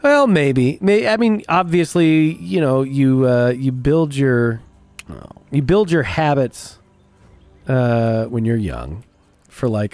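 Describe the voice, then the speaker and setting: A man's voice: medium pitch, expressive, slow, darkish tone, dry recording, faint music behind. A man streaming a game and chatting casually with viewers in a blunt, profane, rambling way. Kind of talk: casual chat while gaming.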